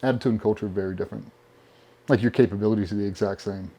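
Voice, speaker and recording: Low-voiced man telling profane stories. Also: rapid-fire. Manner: profane, animated storyteller. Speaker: podcast guest. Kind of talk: casual storytelling interview.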